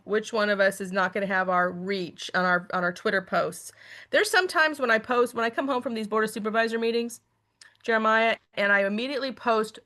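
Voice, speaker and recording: A woman's voice: medium pitch, sharp tone. A middle-aged woman guest telling a story in casual talk, acting out her own thoughts as quotes. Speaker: guest, activist.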